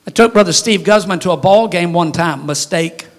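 A high-pitched man preaching a sermon from the pulpit. His delivery is folksy and joking, and he breaks into sudden loud shouts. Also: normal speed. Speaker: pastor.

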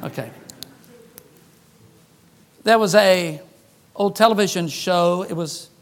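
High-voiced man preaching with lively stories. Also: slow pace. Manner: animated storyteller, jokes, acts out dialogue. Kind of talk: sermon with storytelling.

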